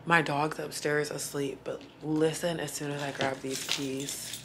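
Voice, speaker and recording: A young woman vlogging in a casual, chatty way, blunt and swearing freely, tired and a bit hoarse from losing her voice. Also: low voice, level tone, unhurried, noisy background. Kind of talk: casual vlog chat.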